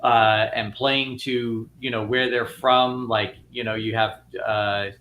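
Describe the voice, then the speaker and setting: A man talks through his ideas in long, loose sentences, circling back and restarting as he goes. His voice is bright and forceful. A faint noise sits behind the recording. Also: mid-range voice, flat delivery, slow pace. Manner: rambling, many restarts and fillers. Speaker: filmmaker guest. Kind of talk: casual panel discussion.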